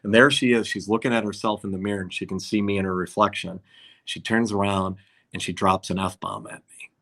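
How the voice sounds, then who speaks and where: A man's voice: on the low side, a little fast, creaky. A man, a concert promoter, telling anecdotes in a casual podcast chat and acting out what others said. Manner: animated anecdote-telling, acts out quotes.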